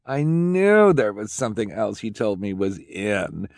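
Affected rich woman rambling lists, man doing the voice, slow drawl, pitched way up. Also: sing-song, gravelly, dry recording, studio quality, heavily acted. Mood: airy, vain. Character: vain fashion-obsessed rich woman.

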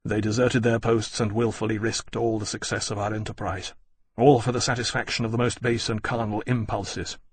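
A formal captain hands down orders in a clipped, quietly severe way, as a male narrator voices him. His voice is gravelly and husky, recorded dry and close. It suits a storybook of naval discipline. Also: medium pitch, lively intonation, moderate pace, dry recording. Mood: stern. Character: stern, formal naval captain, adult man. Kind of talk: audiobook character voice.

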